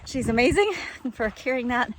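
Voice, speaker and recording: A woman's voice: fairly high pitch, animated, normal speed, slight background noise. A cheerful, chatty woman narrating her hike outdoors on a mountain trail, talking into a handheld camera and laughing often. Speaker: hiking vlogger. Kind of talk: casual vlog narration while hiking.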